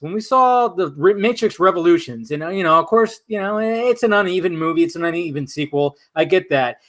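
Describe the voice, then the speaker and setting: Male stream host, slightly high voice, tipsy, loose and profane, rambling. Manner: animated, profane, rambling with restarts. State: tipsy from vodka. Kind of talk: casual film chat on a drinking stream.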